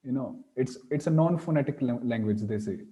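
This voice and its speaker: A man teaching a pronunciation lesson, slowly demonstrating sounds and repeating syllables. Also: medium pitch, dark tone. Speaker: Sanskrit teacher.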